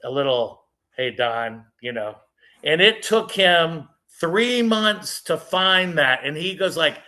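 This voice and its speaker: A middle-aged man from Texas telling personal stories in a casual, jokey way, speeding up for asides and slowing for reflective lines. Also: a little high. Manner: animated, jokey, shifts between quick asides and slow reflective lines. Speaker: storyteller on a faith show. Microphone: video call.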